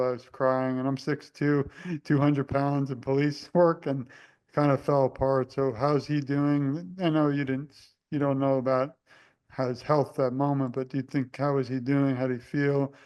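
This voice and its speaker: A young man hosting a casual interview, rambling and halting with many fillers. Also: mid-range voice, flat delivery, clean tone, muffled recording. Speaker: host.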